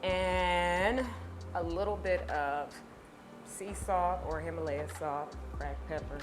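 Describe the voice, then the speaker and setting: Woman doing a chill cooking vid, kinda low voice, slow and playful, music going in the back. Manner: playful, chatty, talks to viewers directly. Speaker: home cooking host. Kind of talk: casual cooking tutorial. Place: home kitchen.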